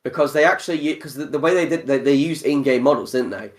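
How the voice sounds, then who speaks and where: A man's voice: mid-range voice, quick pace. Laughing man chatting on a podcast. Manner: animated, laughs often. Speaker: podcast host. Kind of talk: casual podcast chat.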